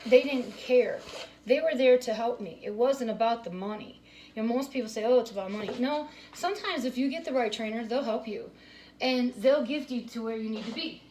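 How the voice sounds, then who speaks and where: A woman's voice: fairly high pitch, fairly quick, a little mellow. Rambling woman chatting in a noisy kitchen. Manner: rambling, storytelling, many fillers and restarts. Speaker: home cooking vlogger. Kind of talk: rambling casual chat while cooking. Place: home kitchen. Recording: kitchen noise with clattering dishes.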